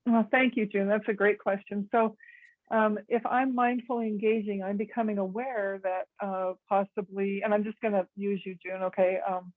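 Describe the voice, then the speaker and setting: An American woman giving a gentle, thoughtful talk on conflict resolution to a meditation group, with many pauses and ums. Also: mid-range voice, fairly even intonation, no echo, phone-quality sound. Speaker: guest speaker on conflict resolution.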